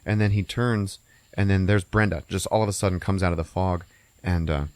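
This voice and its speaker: A man hosting a podcast, casually recapping a movie with an animated, profane delivery and frequent laughs. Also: low-pitched, brisk, no room sound. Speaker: podcast host.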